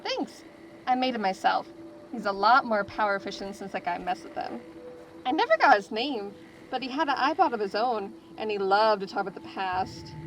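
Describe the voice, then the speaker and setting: A woman's voice: mid-range voice, very animated, moderate pace, fairly bright tone, a little hiss or hum, rough recording. A woman voicing a playful young female tech trader in a video game, who builds robots and talks in a teasing, jokey way. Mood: chatty. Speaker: merchant. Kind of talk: video game character dialogue.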